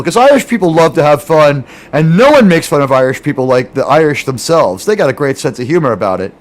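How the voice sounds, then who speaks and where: Man, fairly high voice, joking host, laughs a lot, rambling casual chat. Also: animated, quick pace, hardly any pauses. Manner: joking, laughs often, slips into silly put-on voices.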